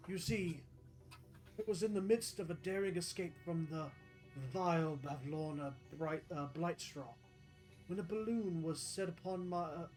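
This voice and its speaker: A man's voice: fairly high pitch, close to an everyday voice, low-quality recording. A man playing a courtly pleading fairy dragon. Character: small pink male fairy dragon, pleading and polite.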